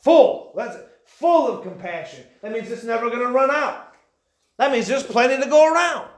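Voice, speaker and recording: A man preaching a sermon, building into shouted emphasis. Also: very high-pitched, expressive, normal speed. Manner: impassioned, rising to shouts. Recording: echoey church room.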